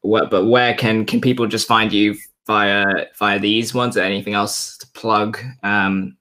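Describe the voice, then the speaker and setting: Bright-voiced host, chatty. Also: male voice, fairly low pitch, flat delivery, a little slow. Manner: hesitant, lots of ums and restarts. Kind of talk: casual interview.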